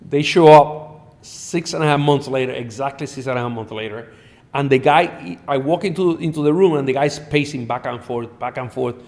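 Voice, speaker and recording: Blunt, animated middle-aged male doctor. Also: mid-range voice. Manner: animated anecdotes, blunt and profane. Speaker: doctor and guest. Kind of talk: storytelling in a podcast interview.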